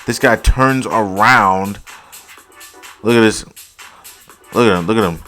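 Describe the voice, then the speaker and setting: A young man hosting a casual football highlights reaction, exasperated and profane, saying "like" constantly. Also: slow pace, fairly bright tone, faint music behind. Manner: exasperated, profane, heavy use of "like". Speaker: host.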